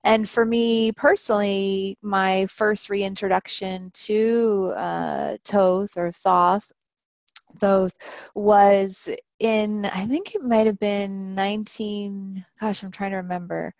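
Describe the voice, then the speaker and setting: Woman guest author, slow and thoughtful, dry close sound. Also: mid-range voice, fairly even intonation, a little mellow, no room sound. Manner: thoughtful, hesitant with fillers. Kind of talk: interview answers.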